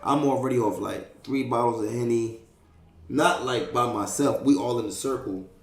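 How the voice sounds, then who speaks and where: Young man, casual storytelling, streetwise and profane, middle pitch, echoey room. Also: normal speed. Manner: streetwise, profane, animated, fillers like "you know what I mean".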